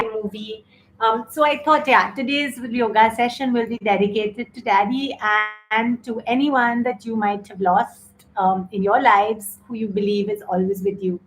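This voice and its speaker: The voice here is fairly high, belonging to a middle-aged yoga teacher hosting a class live online who becomes teary and heartfelt while chatting with viewers and reading their comments. Slight background noise, faint ambience, a roomy echo and a distant mic mark the recording.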